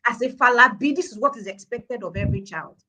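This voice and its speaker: A middle-aged Nigerian woman talking on a live-stream show, her voice bright and forceful and pitched a little high. She presses her points hard and repeats key words for weight. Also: quick pace, poor audio. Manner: emphatic, repeating points for stress. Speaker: parenting speaker, guest.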